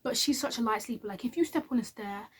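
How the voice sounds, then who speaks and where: Brief: woman, chatty storytime vlogger, quick delivery, slightly high voice. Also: breathy edge. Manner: chatty and candid, with many fillers. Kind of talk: casual storytime monologue.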